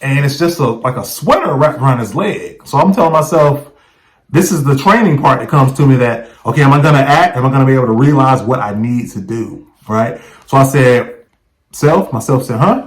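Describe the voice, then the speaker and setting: A man's voice: mid-range voice, a little fast, poor audio. A man vlogging, recounting a story in a casual, conversational way and often checking in with the viewer. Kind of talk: casual first-person storytelling.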